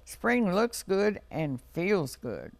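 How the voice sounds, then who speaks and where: A man voicing a cheerful, knowing male robin in a children's storybook, who talks in a brisk, amused, explaining way. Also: sits high, very animated, creaky, no room sound, full character voice.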